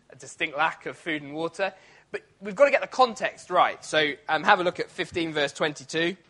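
Speaking in a sharp, slightly high voice, a preacher delivers a church sermon conversationally, with frequent fillers and restarts. Now and then he puts on grumbling voices.

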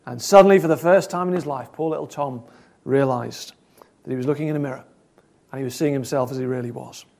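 A man preaching a sermon, earnest, asking probing questions and swinging between loud and soft. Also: a little high, fairly quick, vocal fry.

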